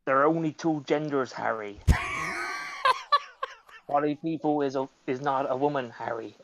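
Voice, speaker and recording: A man voicing a big gruff giant groundskeeper over a call, in a rustic drawl. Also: medium pitch, very slow, very noisy. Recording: dull call audio.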